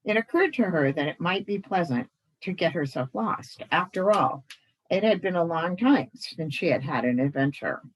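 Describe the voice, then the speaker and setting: A woman reading a children's story aloud in an expressive, animated way. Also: fairly low pitch, normal speed, slightly rough, poor audio. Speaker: club membership secretary reading a story.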